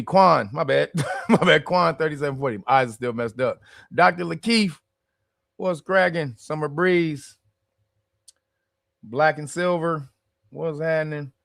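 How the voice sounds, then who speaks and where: Hoarse, joking man on a livestream. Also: fairly high pitch, a bit bright, dry recording, clean studio sound. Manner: loose, profane, laughing banter. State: strained voice from screaming. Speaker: livestream host. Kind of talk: casual livestream chat.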